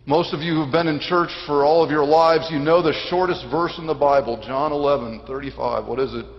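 A pastor delivering an evening sermon to a church congregation. He preaches dramatically, often falling to a hushed near-whisper for emphasis. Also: a little high, fairly even intonation, brisk. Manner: dramatic preaching with sudden drops to a hush. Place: church sanctuary. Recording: long hall reverb, dull lo-fi sound.

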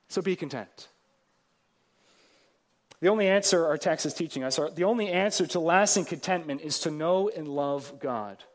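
A man's voice: a little high, moderate pace. A man preaching a sermon as pastor to his congregation, earnest, building emphasis through repeated phrases.

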